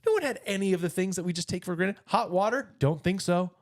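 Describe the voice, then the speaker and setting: A man in his thirties co-hosting a casual podcast chat, animated and jokey, rambling through stories. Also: high voice, fast, no echo, clean studio sound. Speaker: podcast co-host.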